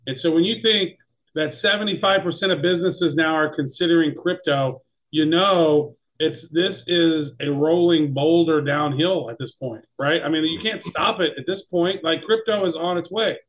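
An emphatic, excitable man co-hosts a casual news chat. His voice sits somewhat high for a man. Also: moderate pace, rough recording. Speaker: podcast co-host.

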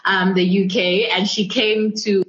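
A woman's voice: medium pitch, a little slow, soft background music. Woman podcast host, effusive, laughs a lot, echoey room, dull lo-fi call audio. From Zambia. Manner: gushing, animated, laughs often. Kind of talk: casual video-call chat.

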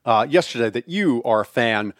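A man co-hosting a casual podcast chat, talking in an animated way and swearing freely. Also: medium pitch, normal speed, dry recording, studio quality. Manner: animated, swearing, enthusiastic greetings. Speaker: podcast co-host. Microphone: remote call mic.

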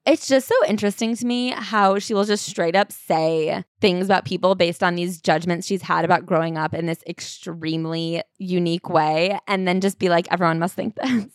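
A woman's voice: fairly low pitch, fairly even intonation, moderate pace, few pauses, smooth, no room sound, studio quality. A woman co-hosting a casual book-review chat, talking in a loose, chatty way with lots of "like". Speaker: podcast co-host.

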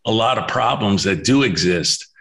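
A male podcast co-host with a somewhat low voice. He talks in a relaxed, conversational way, with fillers and restarts as he recalls things. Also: moderate pace. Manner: conversational, uses many "you know" fillers and restarts. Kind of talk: podcast interview.

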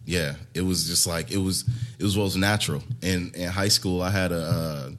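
A man's voice: low voice, fairly even intonation, normal speed, a bit bright. A man from the American Midwest, a guest in casual podcast chat, telling stories in a laid-back way that trails off and laughs at himself.

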